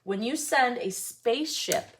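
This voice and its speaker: A woman teaching an online lesson to young children, slow and sing-song in a teacherly way. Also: fairly high pitch, lively intonation, slight background noise.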